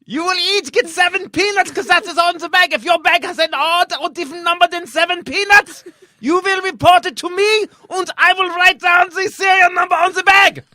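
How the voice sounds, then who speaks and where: A man putting on a strict German male flight attendant voice, shouting clipped orders. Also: a little high, expressive, fairly quick, hardly any pauses, husky, dry recording. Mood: barking.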